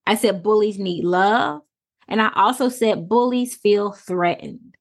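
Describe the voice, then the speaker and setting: A woman co-hosts a casual podcast, her voice sitting at a medium pitch. She speaks reflectively and with emphasis, laying out her points one statement at a time. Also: a little slow. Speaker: podcast co-host.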